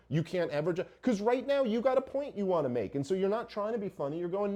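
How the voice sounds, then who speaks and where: Animated, mellow-voiced man arguing casually. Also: high voice, brisk, hardly any pauses. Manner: animated, argumentative, profane, rhetorical questions. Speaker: podcast host. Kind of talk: casual opinionated chat.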